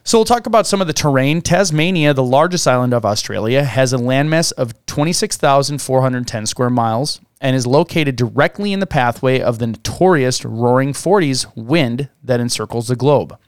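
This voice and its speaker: A man's voice: mid-range voice, expressive, moderate pace, few pauses, smooth, dry recording, clean studio sound. A man co-hosting a podcast, reading out researched facts and breaking off to joke and laugh. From United States. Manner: reads facts then jokes and laughs. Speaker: podcast co-host. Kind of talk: casual chat reading research notes.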